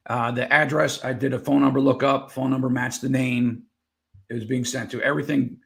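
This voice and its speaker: Podcast guest, male, gravelly voice, mid pitch, loose rambling storyteller who corrects himself. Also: little pitch movement, brisk, a bit bright. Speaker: guest, veteran board game seller. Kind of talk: casual interview storytelling.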